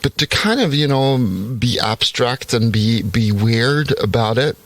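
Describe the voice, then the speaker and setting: A man's voice: medium pitch, lively intonation, a little slow, dry recording. A man from Norway with a slight American Southern accent, a podcast guest talking in a thoughtful, casual way. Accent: American Southern, from a Norwegian-born speaker. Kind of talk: casual conversation.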